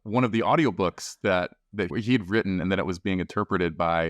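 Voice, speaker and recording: A man's voice: deep voice, brisk, dry recording. A man co-hosting a podcast, talking in a loose, rambling way and chuckling often. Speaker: podcast co-host. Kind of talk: casual conversation.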